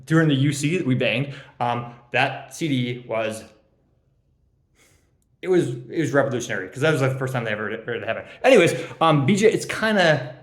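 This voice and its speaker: A man's voice: medium pitch, animated, fairly quick. Young guy ribbing his league buddies, rambly with lots of ums, roomy echo. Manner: teasing, rambling, laughs at own jokes, many ums. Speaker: fantasy league commissioner giving draft grades. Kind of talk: joking casual roast.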